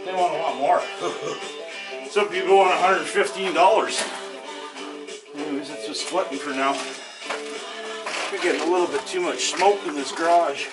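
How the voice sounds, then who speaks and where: A man's voice: on the high side, moderate pace, long pauses, loud music behind the voice, rough recording. A man with a Canadian Ontario accent talking viewers through chores and cooking in his garage and frosty yard on a rural farm, in a folksy, chatty way. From Northern Ontario, Canada. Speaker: homesteading vlogger. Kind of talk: casual narration while working.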